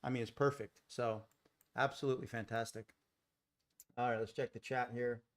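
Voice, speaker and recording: A day trading host streams live from his home in Costa Rica, his mid-range voice moving at a moderate pace with fairly even intonation. He chats casually and answers viewers by name, using a desk mic without a boom arm.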